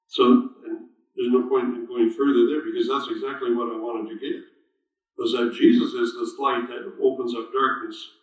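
A man leading an informal Bible study sermon, talking conversationally, quizzing his listeners and reading scripture aloud with strong stresses. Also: mid-range voice. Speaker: Bible teacher. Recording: very echoey room, voice far from mic.

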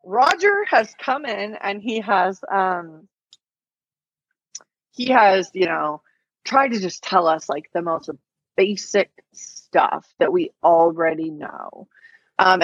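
A woman's voice: mid-range voice, lively intonation, slow, husky, no room sound. A woman on a podcast as a guest, telling her story in a casual, chatty way full of "like" and "um". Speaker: podcast guest, online reseller. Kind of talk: casual interview chat. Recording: dull, lo-fi, dry podcast audio.

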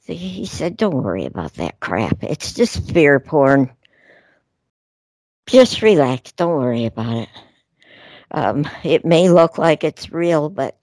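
A woman with a low voice hosts a spiritual radio show, talking slowly and gently. Her reassurances stretch out in calm, drawn-out phrases. The sound is dry and close, with no room around it. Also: no echo. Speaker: radio show host channeling messages. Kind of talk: casual spiritual radio talk.

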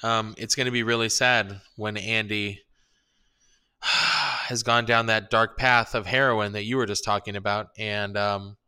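A man co-hosting a casual podcast chat, making deadpan dark jokes. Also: fairly low pitch, measured pace, clear, resonant tone. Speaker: podcast co-host.

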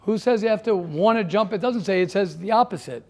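A man with a notably high voice leads a class discussion. He talks in a stream of rhetorical questions, repeating phrases as he presses his point. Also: fairly quick. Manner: rhetorical questions, repeats himself, grows heated. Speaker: teacher. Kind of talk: classroom talk with students.

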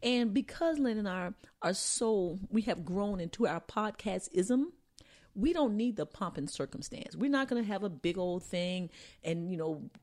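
A woman's voice: medium pitch, expressive, moderate pace, darkish tone. A woman co-hosting a podcast in casual chat, joking and boasting playfully with slang. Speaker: podcast co-host.

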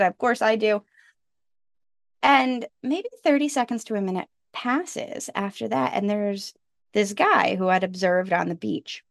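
A woman in her thirties, a podcast guest, telling a casual story with lively jumps in pitch when she quotes people. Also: creaky, no room sound, clean studio sound.

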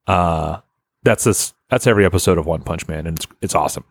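Low-voiced man, rambling excited fan chat, dry close sound. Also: quick pace, breathy edge, no room sound. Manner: rambling, enthusiastic, swears often. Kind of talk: casual chat.

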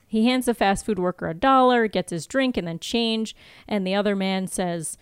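A woman's voice: medium pitch, moderate pace, smooth, no echo. A young woman co-hosting a podcast, chatting casually as she recaps a TV episode and acts out bits of the scenes. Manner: chatty, plays out scenes in voices. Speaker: podcast co-host.

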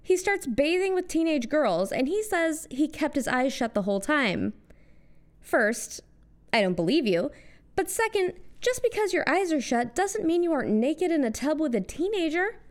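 A young woman with an American accent delivers a scripted comic monologue in a high, bright-toned voice. She lands sarcastic asides with punchy timing, swinging her tone up and down for effect. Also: very animated, moderate pace. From United States. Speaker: host.

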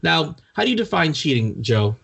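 A man co-hosts a casual podcast in a gravelly, mid-pitched voice. He teases dryly and hesitates often with fillers. There is faint noise in the background. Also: big pitch swings, moderate pace, a bit bright. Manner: dry teasing, hesitant with fillers. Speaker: podcast co-host.

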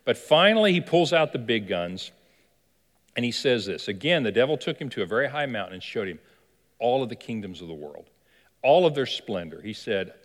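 A man's voice: mid-range voice, very animated, brisk. A man preaching a sermon as pastor, telling a story animatedly and asking the listeners questions. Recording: long hall reverb.

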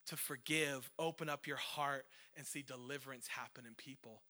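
A man's voice: mid-range voice, steady tone, moderate pace, pushed and bright. A man in his thirties, a worship leader, preaching a conversational, emotional sermon with self-deprecating asides.

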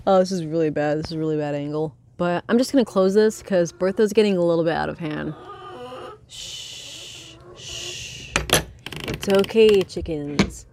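A young woman vlogging casually by her chicken coop, rambling and swearing as she hushes her hens. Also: lowish voice, lively intonation, brisk, a little hiss or hum. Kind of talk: casual chat while reading aloud. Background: faint chicken clucking.

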